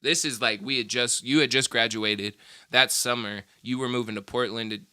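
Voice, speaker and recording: A man's voice: medium pitch, fairly even intonation, moderate pace, pushed and bright, clear, resonant tone. A young man telling stories from his past in a rambling, profane, casual chat, laughing often. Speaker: vlogger.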